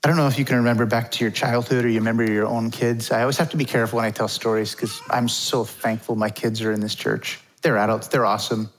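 A man's voice: medium pitch, level tone, quick pace, few pauses. A middle-aged man preaching a conversational sermon as pastor, informal and chatty. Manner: informal, chatty, acts out quotes.

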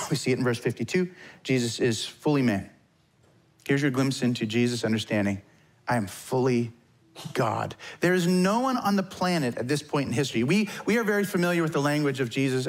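Conversational male pastor preaching a sermon. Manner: conversational, acts out prayers with rising pitch.

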